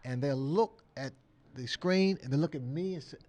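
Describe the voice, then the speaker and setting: A man's voice: fairly high pitch, moderate pace. Guy in his 60s chatting as a guest, tells stories big, does the voices, laughs a lot. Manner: animated storyteller, acts out quotes, laughs often. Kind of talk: casual interview chat.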